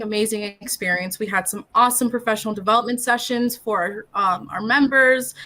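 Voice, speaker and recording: A woman's voice: a little high, sharp tone. A young woman from Illinois, a student co-hosting an awards ceremony over a video call in an upbeat, playful way. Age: young adult. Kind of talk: casual hosting chat.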